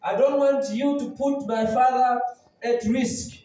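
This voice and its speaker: A man's voice: very high-pitched, fairly even intonation, a little slow, dark tone. A man playing an angry, scornful older brother who belittles his younger brother. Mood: scolding. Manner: scolding, belittling. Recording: very echoey church hall, mic at a distance.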